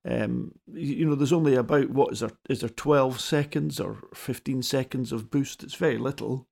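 A man in a casual rally chat, speaking haltingly with many restarts, then settling into considered opinions. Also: mid-range voice, creaky, darkish tone.

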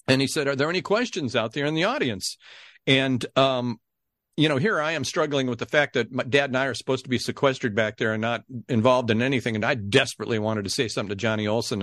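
A middle-aged man, a podcast guest, telling a story in a lively way and acting out the people in it. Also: mid-range voice, no echo, clean studio sound. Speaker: podcast guest, game show announcer. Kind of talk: animated storytelling.

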